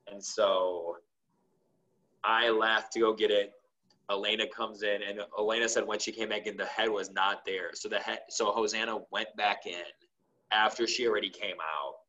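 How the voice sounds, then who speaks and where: A man's voice: fairly low pitch, fairly even intonation, moderate pace, pushed and bright, highs cut off. A man, a guest on a talk show, animatedly telling a story and acting out the dialogue, with plenty of "like". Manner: acts out quoted dialogue with lots of "like".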